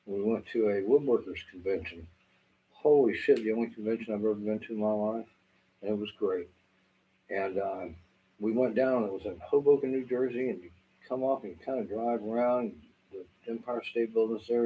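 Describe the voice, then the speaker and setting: A man's voice: lowish voice, warm tone, rough recording. A middle-aged man from Southwest Florida with a Southern accent, rambling casually to the camera with lots of fillers and cursing. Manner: meandering, swears freely, lots of fillers. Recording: faint background noise.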